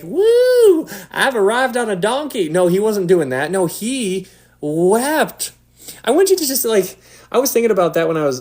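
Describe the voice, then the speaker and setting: Animated man teaching the Bible. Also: a little high. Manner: animated, acts out quotes, drops to a hush for emphasis. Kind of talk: casual Bible teaching to an online audience.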